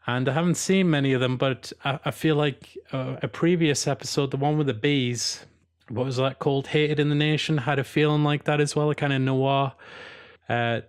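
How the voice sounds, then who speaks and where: A man's voice: mid-range voice, steady tone, moderate pace, clear, resonant tone. A man from Newcastle upon Tyne with a Geordie accent, giving an opinionated, rambling review as a video host. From Newcastle upon Tyne, England. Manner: opinionated, rambling with restarts, given to rants. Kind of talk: casual commentary.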